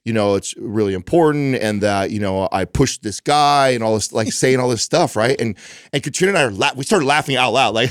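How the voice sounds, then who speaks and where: A man's voice: mid-range voice, fairly quick, no room sound. Man telling a story on a podcast, dry sound. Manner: animated, profane anecdote-telling. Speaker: podcast co-host. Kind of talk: casual storytelling chat.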